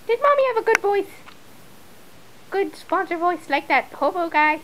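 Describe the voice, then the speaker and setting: A woman's voice: very high-pitched, expressive, normal speed, pauses often, background noise. A woman filming her dog at home, talking to it in exaggerated sing-song baby talk.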